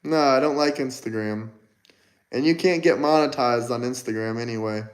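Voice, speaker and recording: A man's voice: mid-range voice, moderate pace, low-quality recording. A man hosting a casual livestream, firing mocking, combative replies at his chat. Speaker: livestream host.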